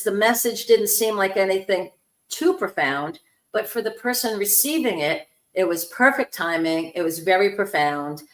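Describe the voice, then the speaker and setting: A woman hosting a spiritual talk show, telling a story warmly and acting out the voices in it. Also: fairly low pitch, echoey room. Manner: animated storyteller, acts out quoted voices. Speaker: host, spiritual medium.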